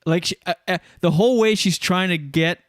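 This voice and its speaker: Animated man recapping a viral clip. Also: high voice, fairly quick, dry recording, studio quality. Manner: animated, acts out quotes, laughs often. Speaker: show host. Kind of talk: casual commentary on viral clips.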